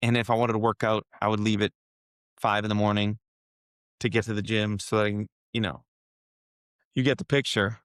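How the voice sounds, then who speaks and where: A man's voice: on the low side, little pitch movement, fairly quick, pauses often, clean tone, dry recording, clean studio sound. A man guest on a podcast, telling a personal story in an earnest, emotional way and then coaching his listener directly. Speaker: podcast guest, wealth manager. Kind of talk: casual conversational storytelling.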